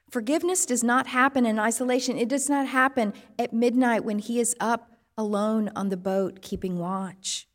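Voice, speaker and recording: A woman pastor giving a sermon, measured and reflective, posing strings of rhetorical questions. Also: fairly high pitch, long reverb tail.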